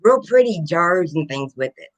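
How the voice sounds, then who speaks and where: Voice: medium pitch, sing-song, normal speed, low-quality recording. A guest in casual chat on a live stream, earnest and easygoing, often saying "like".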